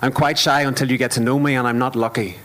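A man's voice: medium pitch, steady tone, fast talker, a bit bright. A man with a Northern Irish accent performing spoken word poetry live at a club, with a rhythmic, wry, self-deprecating delivery. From Northern Ireland. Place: live music club venue.

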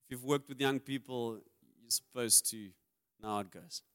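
A man's voice: mid-range voice, normal speed, a bit bright, smooth. A man, preaching a sermon as a pastor in a candid, confessional way with self-deprecating humor.

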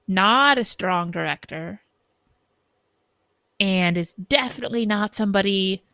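A woman co-hosting a casual fan podcast, giving slow, measured criticism and laughing easily. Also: lowish voice, vocal fry, fairly bright tone, clear, resonant tone, no echo. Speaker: podcast co-host.

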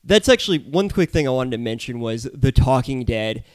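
A man's voice: medium pitch, animated, moderate pace, no echo. A man co-hosting a casual podcast, ranting and swearing, often mocking others in put-on voices. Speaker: podcast co-host. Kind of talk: casual profane chat.

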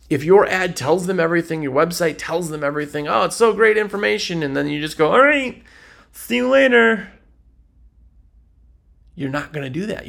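A man hosting a podcast, giving casual business advice and acting out quick dialogues between customers and salespeople. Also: a little high, gravelly, a bit bright. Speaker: podcast host.

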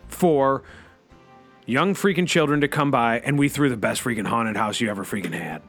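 A man hosting a comedy radio show, delivering a rambling in-character monologue full of a repeated catchphrase, swinging between loud outbursts and low asides. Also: very animated, fairly quick, vocal fry, slightly rough, soft background music. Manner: peppers every sentence with a repeated catchphrase.

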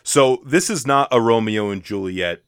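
A man's voice: mid-range voice, lively intonation, moderate pace, clean tone, no room sound, clean studio sound. A man co-hosting a podcast in casual chat, hesitant and full of fillers and restarts. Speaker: podcast co-host.

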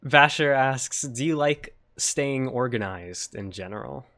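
An American man hosts a casual podcast, reading out listener questions with open curiosity. He laughs often and keeps the talk easy. His voice sits in a plain, middle pitch. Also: lively intonation, measured pace, bright, forceful tone. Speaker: podcast host. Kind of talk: casual interview chat.

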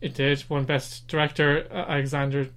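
Man, podcast co-host, quick rambling chatter with many fillers. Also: on the high side, little pitch movement, a bit bright. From Ireland. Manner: rambling, gushing, lots of fillers. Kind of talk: casual podcast chat.

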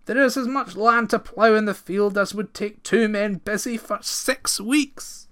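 A man doing a high, trembling frightened farmer. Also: measured pace, fairly bright tone, clean tone. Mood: fearful. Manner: trembling, fearful, old-fashioned speech. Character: timid frightened farmer, a cowardly master.

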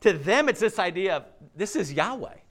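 A male pastor delivers a sermon in a high, very lively voice. He tells the story with animation, voices the characters' lines, and drops to hushed, low asides between louder bursts. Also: moderate pace. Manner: animated storytelling, acts out quoted lines, frequent "okay?" asides; swings from loud emphasis to hushed low asides.

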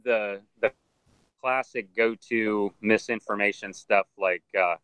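A man's voice: lowish voice, slow pace, clean tone, no echo, low-quality recording. A man who handles alligators and crocodiles, telling stories in a casual interview and acting out the voices of people he met. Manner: animated storyteller who acts out other people's voices. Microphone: video call.

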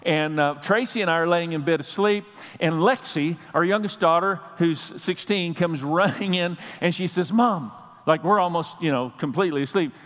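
A middle-aged male pastor preaching, telling stories animatedly and building up to shouts. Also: on the high side, moderate pace. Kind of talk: sermon. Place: church sanctuary. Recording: long reverb of a large hall.

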